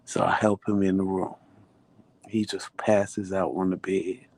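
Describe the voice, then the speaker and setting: A man's voice: low-pitched, unhurried. A man vlogging, telling a story casually and animatedly, acting out what people said. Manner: animated, acts out quotes.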